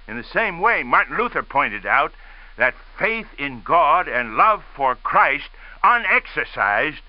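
A middle-aged man preaching a radio sermon with measured, earnest storytelling. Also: fairly high pitch, no room sound, lo-fi sound.

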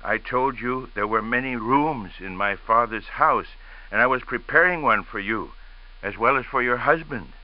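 A man reading aloud as a gentle, loving Jesus figure who asks tender, patient questions. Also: medium pitch, moderate pace, muffled recording, close to an everyday voice.

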